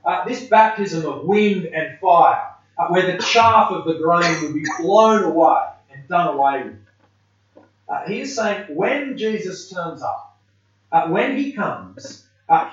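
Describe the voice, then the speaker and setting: A man preaching a sermon in a conversational way, with frequent hesitations and fillers. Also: fairly high pitch. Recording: distant, dull, very echoey room.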